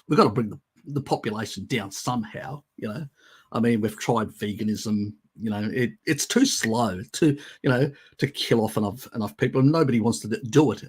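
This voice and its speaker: A man's voice: mid-range voice, creaky, husky. A man hosting a casual live stream, answering viewer questions in a sarcastic, mocking way and often laughing.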